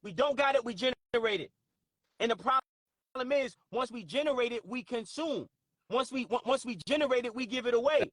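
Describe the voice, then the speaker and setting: A man hosting a call-in stream who talks in a forceful, profane, sermon-like way. His voice sits very high for a man, and the sound is dry with no room echo. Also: normal speed. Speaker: host. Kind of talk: live stream talk with callers.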